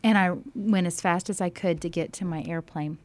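A woman telling a faith story in a casual, animated way, acting out quoted dialogue and dropping to near-whispers at times. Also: fairly low pitch, normal speed.

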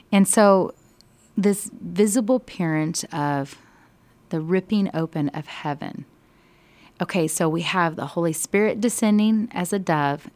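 A woman leads a casual Bible study, calling for readings and putting questions to the group. Her voice sits a little low and sounds dry and close. She turns animated and emphatic when something moves her. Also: no room sound.

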